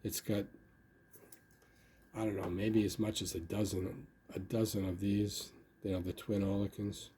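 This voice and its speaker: A man's voice: lowish voice, flat delivery, unhurried, mellow, slight background noise. An older man casually talking about his model building, rambling and filling his speech with "you know.". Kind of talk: casual hobby video talk.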